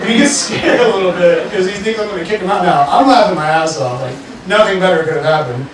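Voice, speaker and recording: A man's voice: high-pitched, quick pace. A young man from the Mississippi Gulf Coast performing a casual, profane stand-up set full of fillers, in a bar with a live audience. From Mississippi Gulf Coast, USA. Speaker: stand-up comedian. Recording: echoey, distant, noisy live bar recording. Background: room ambience and crowd noise.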